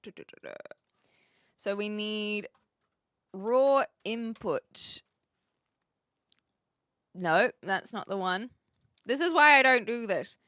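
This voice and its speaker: A woman's voice: mid-range voice, animated, slow, long pauses, pushed and bright, clear, resonant tone, dry recording, studio quality. A woman from New Zealand with a New Zealand accent, chatting casually on her live stream while she sets up a chat bot and thinks aloud. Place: home room with brick walls.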